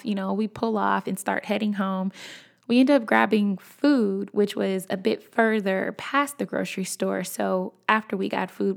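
A young woman hosts her podcast and tells a personal story in relaxed, conversational storytelling. Her voice has a gravelly, fry-tinged texture. She talks with animated energy and addresses her audience directly. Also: mid-range voice. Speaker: podcast host. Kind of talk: casual storytelling.

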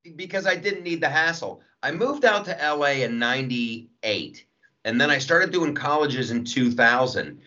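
A man who is a stand-up comedian, talking casually in an interview with a jokey, animated manner and acting out quoted voices. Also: fairly high pitch, normal speed. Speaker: comedian guest. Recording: dull lo-fi audio.

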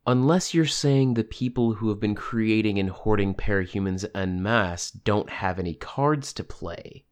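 A man's voice: lowish voice, a little slow, voice pushed up, natural voice. A man reading an audiobook, voicing a tough woman leader who speaks hard and curt.

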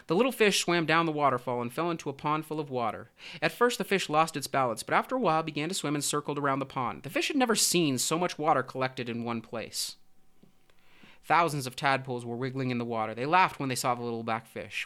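A man narrating a storybook in a steady, measured way. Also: medium pitch, clear, resonant tone. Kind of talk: storybook reading.

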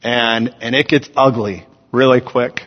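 A young adult man preaching a sermon as a student ministries pastor, telling everyday stories and acting out the people in them with lively, playful delivery. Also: medium pitch, unhurried. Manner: playful storytelling, acting out scenes. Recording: dull sound with long hall reverb.

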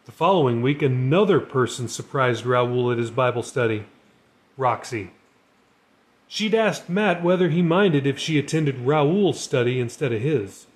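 A man narrating a Christian novel chapter in a steady storytelling reading. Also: medium pitch, unhurried. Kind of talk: live audiobook reading.

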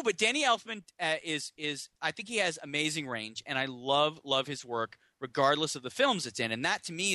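A man's voice: medium pitch, sharp tone, no room sound. A man co-hosting a podcast, rambling through film trivia, laughing easily and getting flustered. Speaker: podcast co-host. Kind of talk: casual podcast banter.

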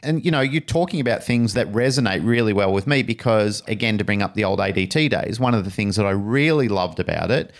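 A man with a fairly low voice musing on a podcast, drifting into memories and broader lessons. He talks in an easy, reflective way. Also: lively intonation, brisk, few pauses. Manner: reflective, reminiscing, backs up his co-host with short agreements. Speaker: podcast co-host and dog trainer. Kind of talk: casual podcast chat.

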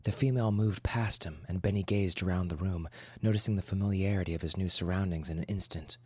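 A man narrating a horror story in a measured, dramatic way, sometimes dropping to a whisper. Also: low voice, a little mellow, dry recording, studio quality. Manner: measured, dramatic, drops to a whisper for tense moments. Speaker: podcast host and story narrator. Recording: narration over clear music.

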